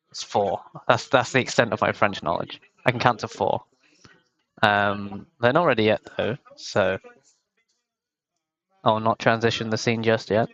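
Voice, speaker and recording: A man's voice: on the low side, fairly bright tone, muffled recording. Rambling young man on a headset. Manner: rambling, self-mocking, chatty. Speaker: tournament commentator. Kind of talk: casual solo game commentary.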